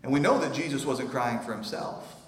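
A man preaching a sermon as pastor, shifting between hushed, quiet passages and loud, impassioned ones. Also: medium pitch, lively intonation, a little fast. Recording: echoey hall, long reverb.

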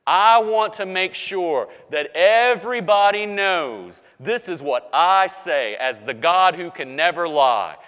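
A man preaches in a high, ringing voice, taking his time over each phrase. He repeats words for emphasis and moves between near-whispered lines and loud declarations. The sound carries the long reverb of a large hall. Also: lively intonation, slow pace, hardly any pauses, clear, resonant tone. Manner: emphatic preaching with repetition, swinging from hushed to loud. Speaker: pastor. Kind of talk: sermon.

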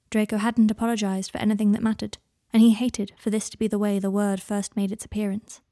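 Female storyteller, gentle delivery, warm tone, dry booth-like sound. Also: medium pitch, no room sound. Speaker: fan fiction reader. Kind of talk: audiobook narration.

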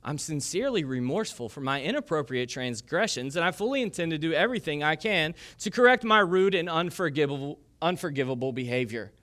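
A male parrot, freshly reformed, apologizes in formal, contrite words, as a preacher puts him on mid-sermon. He speaks low and softly, slowing down for each remorseful phrase. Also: animated.

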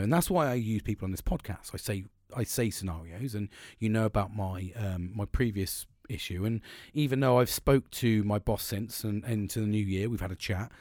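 Blunt, sweary man, lively pitch. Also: moderate pace, no room sound, studio quality. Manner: blunt, swears often, rambling with restarts. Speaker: podcast host. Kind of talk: casual podcast monologue.

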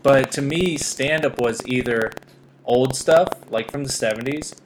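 Host: man, about thirty, relaxed and curious, swears casually, average pitch, audible hiss. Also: measured pace. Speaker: podcast host. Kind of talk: casual interview. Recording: noisy amateur podcast audio.

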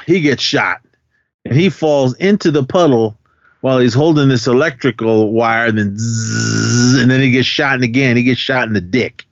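A man co-hosting a podcast in loose, casual chat, tumbling through a recap with plenty of fillers and frequent laughter. His voice sits at an ordinary middle pitch. The sound is dry and a little dull, like a lo-fi home recording. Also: no room sound. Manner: rambling, laughs often, filler-heavy. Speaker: podcast co-host.

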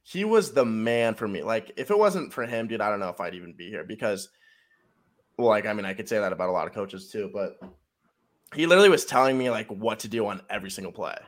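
A man's voice: on the low side, expressive, fast talker. A young man, a college football player, casually telling a long story in a rambling, profanity-laced way full of fillers. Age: young adult.

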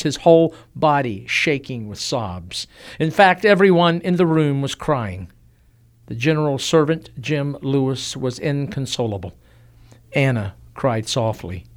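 A male narrator telling a historical story with solemn weight. He speaks at a middle pitch and lets phrases hang in measured pauses.

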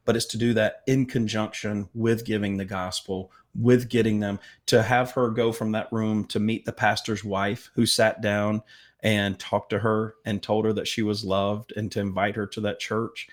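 A man telling a story as a guest in an interview, earnest and halting with fillers. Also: on the low side, flat delivery. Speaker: medical missions guest.

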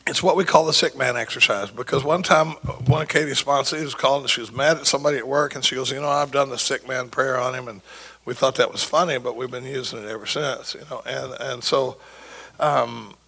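A man's voice: medium pitch, a little fast, gravelly, bright, forceful tone, slightly rough, poor audio. A man speaking as a recovery sponsor, telling rambling stories with quoted dialogue and many false starts. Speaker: recovery sponsor sharing at a meeting. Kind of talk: rambling anecdotal talk.

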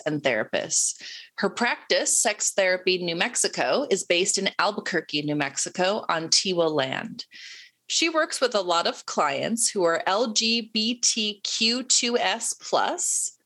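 A woman's voice: fairly low pitch, fairly bright tone. A woman co-hosting a podcast, reading a guest introduction with enthusiasm. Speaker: podcast co-host. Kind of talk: read introduction, then casual chat.

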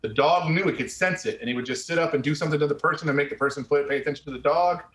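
A man's voice: a little high, racing, fairly bright tone. A middle-aged man, an army veteran, telling his story bluntly and conversationally in casual interview talk. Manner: blunt, conversational, drops "man" and the odd curse. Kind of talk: candid personal storytelling. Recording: roomy echo.

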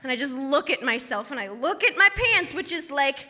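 Bright, high-voiced woman telling a comic story. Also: moderate pace, few pauses. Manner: animated, comic, self-mocking. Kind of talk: live personal storytelling. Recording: reverberant hall.

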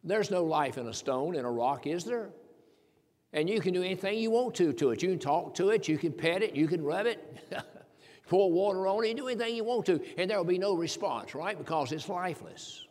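A man's voice: sits high, animated, brisk, a little mellow. A man, a pastor preaching a sermon, emphatic and repetitive, asking rhetorical questions. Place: church sanctuary. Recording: long hall reverb.

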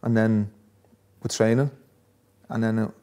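A chatty ex-footballer, interviewed casually, spins stories with frequent laughter and restarted phrases. His voice is on the low side, mellow, unhurried and flat in delivery.

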